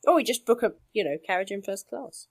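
A tired woman chips in at a tabletop game with quick, offhand remarks. She talks fast and her pitch moves a lot. The sound is dry and close. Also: expressive, no room sound. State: tired, sleepy. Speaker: player. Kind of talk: casual tabletop chat.

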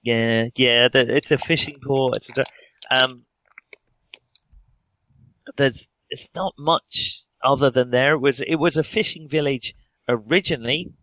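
A man narrates a tabletop game as its game master, slipping dry jokes in between the scene-setting. His voice is bright and forward. The sound is close and dry. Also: mid-range voice, unhurried, pauses often, no room sound, low-quality recording.

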